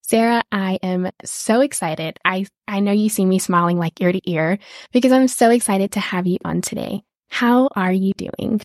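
A woman's voice: medium pitch, moderate pace, dry recording, clean studio sound. A woman in her thirties hosting a podcast in casual chat, upbeat and gushing, laughing often. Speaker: podcast host.

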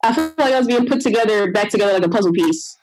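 A woman's voice: medium pitch, very fast, a little mellow, soft background music, low-quality recording. A young adult woman telling her own birth story in a conversation, emotional and retelling what others said. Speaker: guest sharing a birth story.

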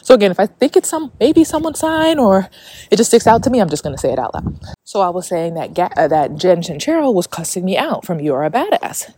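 A woman's voice: mid-range voice, very animated, a little fast, dark tone, husky. A woman hosting a casual spiritual podcast, talking in a chatty way with lots of fillers and frequent swearing. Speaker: podcast host.

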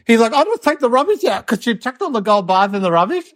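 Woman playing a little boy, cheeky, rambling, giggly, slightly high voice, comedy sketch. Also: big pitch swings, fast talker. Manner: rambling, giggly, mimics relatives in quotes. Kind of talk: improvised comedic storytelling.

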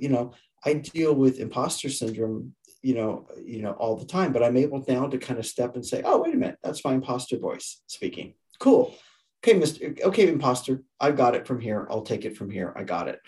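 A man in his fifties with a mid-range, slightly dark voice appears as a guest on a podcast, where he works as a leadership coach. He tells stories conversationally and earnestly, often restarting sentences and repeating words.

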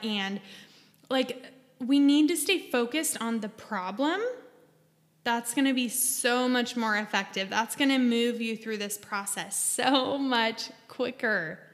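A woman with a fairly high voice talks straight to her listeners in an earnest, coaching way, leaning on key words. Her voice rings out with a long reverberant tail, as if she is in a bare room. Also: a little slow. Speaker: podcast host. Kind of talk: casual advice monologue.

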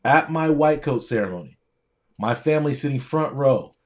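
A man's voice: medium pitch, expressive, normal speed. Emphatic man giving a motivational talk. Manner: emphatic, preaching cadence with repetition. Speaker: doctor and pre-med coach. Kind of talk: motivational speech to camera.

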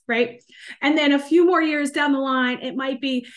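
A woman in her thirties, a sales coach hosting a casual podcast in an energetic, chatty coaching tone. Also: sits high, moderate pace. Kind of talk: casual solo podcast talk.

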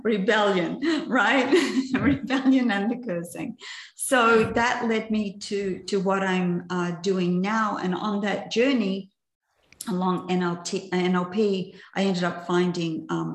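An older woman and coach telling her life story in a chatty, self-mocking way, often tossing in "right?" to her listeners. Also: mid-range voice. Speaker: coach and presenter. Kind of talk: personal story in a masterclass talk. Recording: echoey room.

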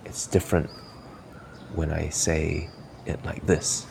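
A man's voice: rumbling low, completely flat delivery, slow pace, vocal fry, darkish tone, a little hiss or hum. A man from Malaysia hosting a podcast, giving earnest, encouraging coaching talk while thinking aloud. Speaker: podcast host.

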